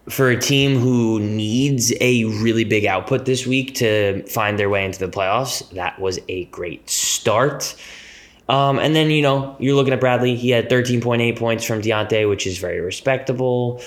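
A man co-hosting a fantasy football podcast, making predictions in a relaxed, joking way with hesitant fillers. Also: medium pitch, measured pace. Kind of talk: casual sports chat.

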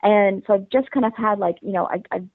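A female interview guest chats through her story, bubbly and rambling, with lots of fillers in a casual interview. She talks fast at medium pitch, with no room sound and a dry, phone-like quality to the line.

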